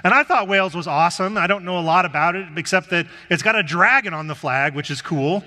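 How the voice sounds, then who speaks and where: Bright, high-voiced pastor in a reverberant hall. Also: male voice, fast talker. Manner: conversational storytelling. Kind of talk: sermon.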